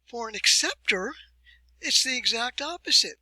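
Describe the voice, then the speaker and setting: Bright, husky-voiced man lecturing. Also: very high-pitched, expressive, dry recording, rough recording. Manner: deliberate, emphatic explanations with rhetorical questions. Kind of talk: recorded university lecture.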